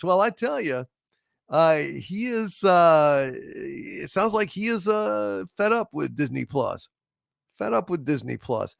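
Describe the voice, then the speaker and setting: A man hosting a livestream talks slowly and unhurriedly, with a gravelly edge to his voice. He rambles as he reads out viewer messages, full of fillers and false starts. The sound is dry and close. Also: high voice, big pitch swings, no room sound. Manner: rambling with many fillers and restarts; slow, soft poetry reading. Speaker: livestream host. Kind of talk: casual livestream chat reading super chats.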